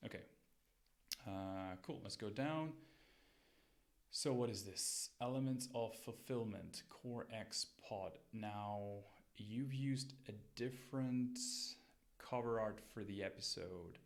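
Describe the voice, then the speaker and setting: A man's voice: lowish voice, slow, creaky. A man hosting a show where he reviews listeners' podcasts, giving friendly and direct coaching advice in a casual way.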